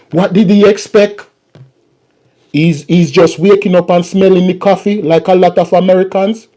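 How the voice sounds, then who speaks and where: A man's voice: sits high, fairly even intonation, normal speed, mellow. A man hosting a political commentary vlog and ranting in a mocking, repetitive way.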